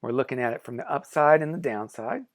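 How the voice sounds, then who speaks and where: A man's voice: mid-range voice, fast. A man, a pop-up book artist, walking viewers through a craft tutorial in an upbeat, encouraging, playful way.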